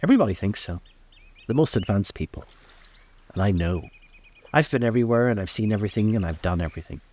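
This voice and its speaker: A man's voice: on the low side, animated, quick pace, darkish tone. A man voicing a brittle, airy young socialite woman in a theatrical, scornful way. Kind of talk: audiobook reading.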